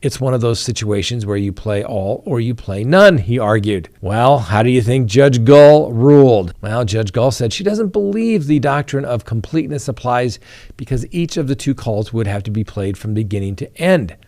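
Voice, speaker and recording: A male crime news host with a voice of ordinary middle pitch walks his audience through a court ruling. He speaks straight to the listeners as he explains the rule and recounts the testimony. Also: lively intonation, moderate pace, warm tone. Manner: explanatory, addresses viewers directly. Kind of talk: legal commentary on a trial.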